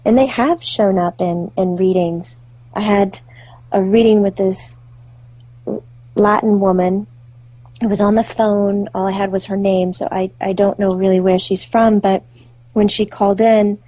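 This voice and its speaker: Woman guest, husky dry voice, lively storyteller who acts out the people she quotes. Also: mid-range voice, a little slow, dry recording. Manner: vivid, acts out quoted voices, laughs often. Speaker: psychic medium and author, interview guest. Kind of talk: animated storytelling in an interview.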